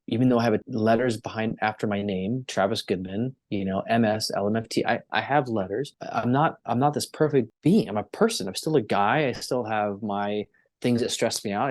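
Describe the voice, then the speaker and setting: A man's voice: mid-range voice, darkish tone, no room sound, clean studio sound. A man in his thirties, a therapist, talking earnestly in an interview, asking himself rhetorical questions and restarting his sentences. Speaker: therapist, podcast guest. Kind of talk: conversational interview.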